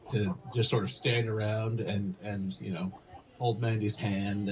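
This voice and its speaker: A man's voice: mid-range voice, a little mellow, rough recording. A man hosting a podcast in casual comedic chat, speaking in a dry, teasing way as he starts a story. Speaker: podcast host.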